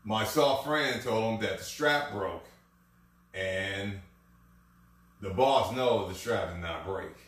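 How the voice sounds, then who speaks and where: A man's voice: on the low side, slow, long pauses, fairly bright tone. Man telling a rambling story in an echoey room. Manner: rambling anecdotal delivery with restarts. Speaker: podcast host. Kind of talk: casual storytelling chat. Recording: echoey room, distant from mic.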